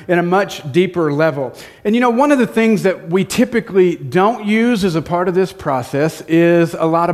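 A middle-aged man preaching a sermon in a church, conversational and jokey with self-deprecating humor. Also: high voice. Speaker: pastor. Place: church sanctuary.

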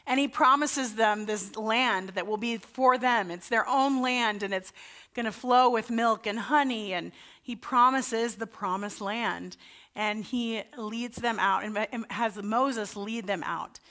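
A woman pastor delivers a sermon in a relaxed, chatty manner, her voice sitting on the higher side. She moves easily between storytelling and scripture, with self-deprecating asides. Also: measured pace.

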